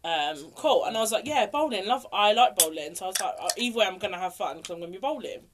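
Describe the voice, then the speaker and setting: A woman's voice: medium pitch, lively intonation, fast, noisy background. A young woman co-hosting a casual podcast chat, telling stories and acting out what people said. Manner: chatty storyteller, acts out quotes. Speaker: podcast co-host.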